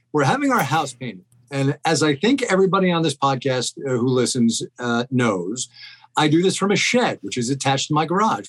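A man's voice: medium pitch, breathy edge. A man co-hosting a podcast from a home shed over a video call, telling a rambling, self-deprecating story in casual chat. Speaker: podcast co-host. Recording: poor video call audio.

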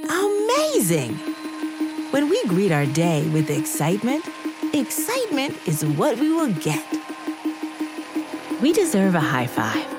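A woman hosting a children's podcast, gently and encouragingly leading breathing exercises and affirmations. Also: on the low side, sing-song, unhurried, music in the background. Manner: gentle, encouraging, sing-song. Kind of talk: guided breathing and affirmations for kids.

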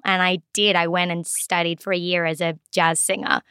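A young Australian woman with a fairly low voice talks in a loose, chatty way, laughing easily and stumbling over her restarts. The sound is dry and close, like a studio mic. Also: little pitch movement, normal speed, bright, forceful tone, smooth, no echo. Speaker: actor guest. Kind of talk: casual interview chat.

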